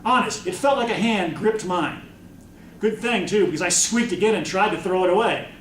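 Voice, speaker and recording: A man's voice: high voice, moderate pace, a little hiss or hum. A male author reading his novel aloud at a convention, recorded from a distance in an echoey room. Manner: expressive first-person narration. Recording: echoey room, mic from far off.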